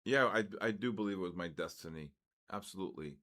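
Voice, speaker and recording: An older man hosting a live trading session, giving blunt, excitable market commentary and answering chat questions with quick asides. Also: low voice. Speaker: trading stream host.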